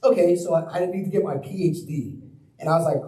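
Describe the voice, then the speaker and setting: A man's voice: a little high, brisk, mellow. A young man giving a public talk as a guest speaker, telling his own story in a casual, conversational way. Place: planetarium lecture hall. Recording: roomy hall, mic at a distance.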